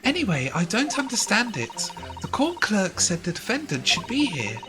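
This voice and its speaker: A woman's voice: mid-range voice, big pitch swings, normal speed, noisy background, close to an everyday voice. A woman voicing a prim polite young assistant. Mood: earnest. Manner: prim, earnest, formal. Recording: game music behind.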